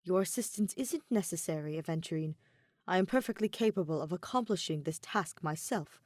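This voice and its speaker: A stern, proud male doctor who speaks in formal, clipped sentences, as a woman reader lowers her voice for him. He stays dismissive and curt in a fan audio story, recorded dry and close. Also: animated, fairly quick, darkish tone, dry recording. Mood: stiff.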